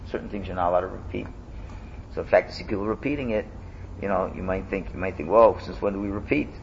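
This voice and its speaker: A man teaching a casual class, lively and animated, chanting loudly when he demonstrates. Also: low-pitched, quick pace, vocal fry, highs cut off, a little hiss or hum.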